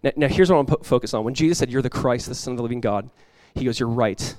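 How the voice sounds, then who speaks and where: A man preaching a sermon as pastor, conversational and lively, telling stories and acting out quoted voices. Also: mid-range voice, very fast, few pauses, dry recording.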